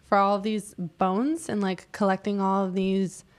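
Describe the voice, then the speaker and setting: A woman's voice: mid-range voice, steady tone, normal speed. A woman artist talking casually in an interview, reflective and rambling, with frequent fillers. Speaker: artist guest.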